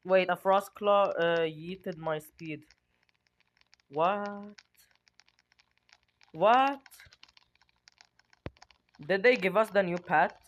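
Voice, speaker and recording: A young adult streamer giving excited gameplay commentary, giggling, squealing and talking dramatically to themselves. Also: medium pitch, extremely slow, pauses often, a little hiss or hum.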